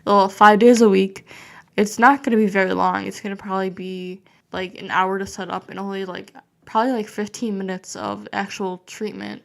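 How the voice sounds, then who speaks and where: A woman's voice: medium pitch, fairly even intonation, moderate pace, vocal fry. A young woman being interviewed on a podcast, talking nervously and hesitantly with many fillers. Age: young adult. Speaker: guest.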